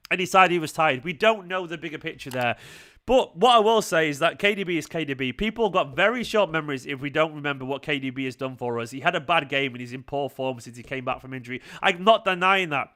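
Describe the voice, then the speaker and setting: A man's voice: a little high, fast, sharp tone. A man hosting a fan channel, giving a passionate, emphatic post-match reaction, swearing and repeating points for effect.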